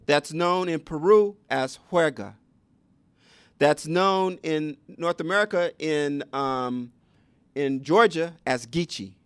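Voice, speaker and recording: A man's voice: fairly high pitch, slow, fairly bright tone, clean tone, no room sound. A man giving a public lecture on education, teaching conversationally and asking the audience rhetorical questions. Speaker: education speaker.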